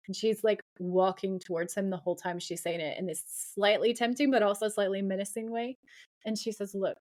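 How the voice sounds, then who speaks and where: Speaking a little fast at medium pitch, this podcast co-host casually recaps a TV episode. She animatedly performs the quoted dialogue of the characters and swears without hesitation.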